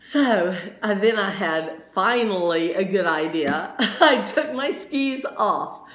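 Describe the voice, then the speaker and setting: A woman science teacher telling a lively story during a lesson, laughing often as she goes. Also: medium pitch, slow pace. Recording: roomy echo.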